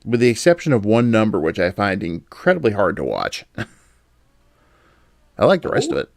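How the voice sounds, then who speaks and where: A podcast host with a low, gravelly voice that swings widely in pitch as he tells stories. He laughs often and keeps things casual. The sound is dry and close. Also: sing-song, moderate pace, no room sound. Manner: laughs often while telling anecdotes. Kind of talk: casual chat.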